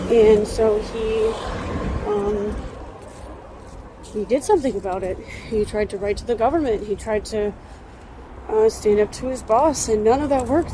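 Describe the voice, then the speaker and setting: A woman in her thirties casually vlogging while walking, talking in an earnest, rambling way with frequent pauses. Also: a little high. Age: 30s. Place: outdoors on a city street with construction nearby. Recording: traffic and construction noise behind.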